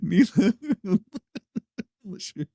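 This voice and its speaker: A man's voice: high voice, slow pace, vocal fry, warm tone, breathy edge, no echo, clean studio sound. A man hosting a casual news commentary show, laughing often and teasing the stories he reacts to. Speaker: host.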